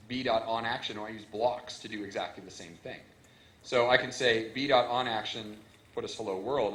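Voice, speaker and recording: Man giving a talk in an echoey hall. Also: medium pitch. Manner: relaxed, explanatory, enthusiastic. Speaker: conference speaker. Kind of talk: live technical conference talk. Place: conference hall.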